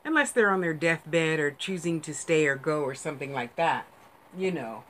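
A woman's voice: deep voice, animated, moderate pace, a bit bright, slight background noise. A woman hosts a casual psychic livestream. She talks in a rambling, effusive way and laughs often, gushing over her viewers as she chats. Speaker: psychic medium livestream host.

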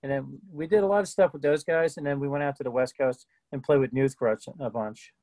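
A middle-aged man talks as a guest on a video call, telling stories in an easy, relaxed way. His voice sits in a medium pitch. The sound is dry and close. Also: brisk, dry recording. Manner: laid-back storyteller, frequent restarts. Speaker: guest musician. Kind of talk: casual interview chat.

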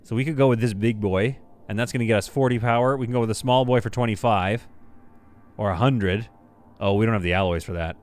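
Excitable man narrating his gameplay. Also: on the low side, a little fast. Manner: excitable, thinking aloud with exclamations. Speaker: gameplay commentator. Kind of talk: casual let's-play commentary.

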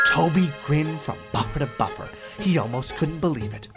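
A man narrating a children's story in a gentle, expressive storytelling manner. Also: fairly high pitch, normal speed, hardly any pauses, over loud music.

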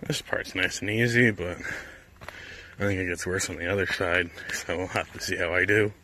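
Very low-voiced woman on a lakeside walk. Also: moderate pace, slight background noise. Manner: calm and low-key, gently coaxing a child. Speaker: vlogger. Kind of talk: casual vlog narration on a walk. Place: outdoor lakeside trail.

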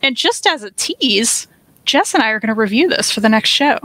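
A woman in her thirties co-hosting a casual comic book review show, chatty and quick to laugh. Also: on the high side, expressive, bright, forceful tone, dry recording, rough recording. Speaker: co-host. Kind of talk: casual chat.

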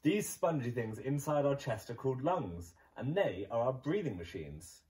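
A man's voice: mid-range voice, big pitch swings, moderate pace, recorded from a distance, natural voice. A man voicing a patient dog doctor. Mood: explaining. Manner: explaining, gently scolding.

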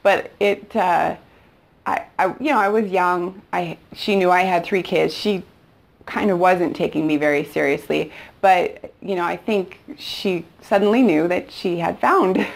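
Low, gravelly middle-aged woman telling stories. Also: measured pace. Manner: retells past conversations, with quoted dialogue. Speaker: real estate investing instructor. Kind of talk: storytelling course lesson.

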